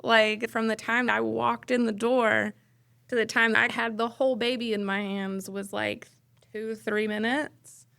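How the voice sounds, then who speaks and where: Gravelly-voiced woman paramedic, candid. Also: on the high side, flat delivery, unhurried, a bit bright, dry recording. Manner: candid, storytelling, blunt. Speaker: paramedic guest. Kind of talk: casual podcast interview.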